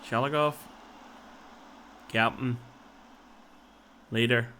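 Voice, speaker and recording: A man's voice: mid-range voice, steady tone, very slow, bright, forceful tone, slight background noise. A man, casually commenting on a football management game and thinking aloud as he plays. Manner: chatty, thinks aloud, tags lines with "so it did" and "like". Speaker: video game player and commentator.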